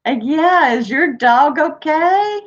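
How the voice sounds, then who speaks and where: This livestream trivia host keeps things casual, laughing often and chatting with viewers between questions. Her voice is high-pitched and expressive, and she speaks slowly; the stream audio sounds dull and lo-fi.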